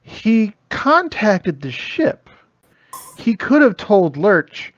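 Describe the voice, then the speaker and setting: A man's voice: high voice, big pitch swings, drawn-out words, no echo. A man co-hosting a podcast, talking in a casual, rambling way full of fillers. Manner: rambling, loose, filler-heavy. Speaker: podcast co-host. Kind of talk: casual commentary chat. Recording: dull, dry lo-fi sound.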